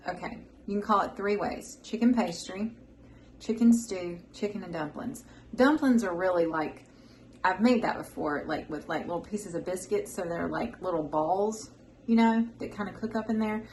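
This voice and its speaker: A young woman, chatting warmly and rambling as she hosts a home cooking vlog, sometimes dropping into soft murmurs. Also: on the low side, slight background noise, rough recording. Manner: folksy and rambling, drifts into soft emotional murmurs. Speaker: cooking channel host. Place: home kitchen.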